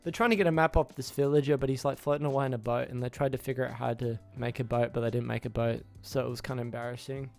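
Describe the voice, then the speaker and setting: A man's voice: mid-range voice, steady tone, quick pace, creaky, hardly any pauses, soft background music. A man casually recapping a film's plot for his channel, rambling, restarting names and acting out the characters' lines. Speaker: YouTuber reviewing a film.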